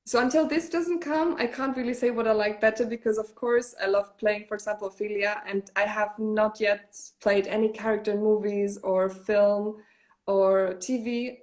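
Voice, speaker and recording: A German woman, a native speaker, chats freely as an actress guest in a casual interview, with lots of "like" fillers and restarts. Her voice is medium-pitched and a little mellow, with fairly even intonation at a moderate pace.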